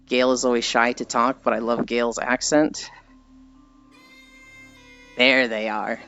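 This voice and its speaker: A man's voice: mid-range voice, flat delivery, measured pace, pushed and bright, clear, resonant tone. Chatty American man streaming. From United States. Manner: rambling, chatty, laughs at own stories. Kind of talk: casual live-stream chat, reading chat aloud. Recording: dull lo-fi audio with faint background music.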